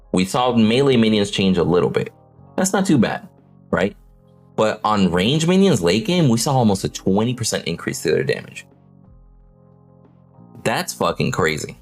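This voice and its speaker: A man hosting a casual livestream panel on game patch notes, energetic, swearing and often tagging lines with "right?". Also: fairly low pitch. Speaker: host of a game update panel.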